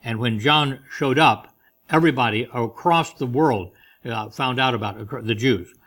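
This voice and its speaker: A man giving a Bible teaching, reading scripture and explaining it in a relaxed, conversational way with light humorous asides. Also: mid-range voice, moderate pace. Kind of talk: informal Bible study sermon.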